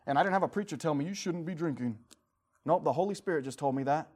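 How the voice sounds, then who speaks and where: A man in his forties preaching a fervent sermon, swinging from quiet, low passages to loud, high-pitched shouting, acting out prayers and inner voices. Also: fast, breathy edge. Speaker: pastor.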